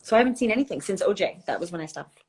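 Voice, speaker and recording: A woman guest on a live stream over her phone, chatting in a wry, joking way and telling lively stories. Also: medium pitch, very fast, husky. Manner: wry, joking, animated storyteller. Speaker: actress and guest. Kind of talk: casual chat.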